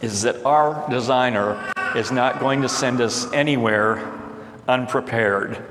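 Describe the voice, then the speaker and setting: Pastor preaching in an echoey hall. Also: male voice, medium pitch, measured pace, noisy background. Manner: reads scripture aloud and paraphrases it casually. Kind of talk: sermon. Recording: echoey hall with faint ambience.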